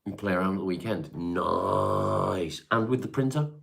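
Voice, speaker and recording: A man's voice: low-pitched, a little slow, creaky, fairly bright tone. A man hosting a casual live stream, reading out viewer comments and answering them in a laid-back way with the odd swear word.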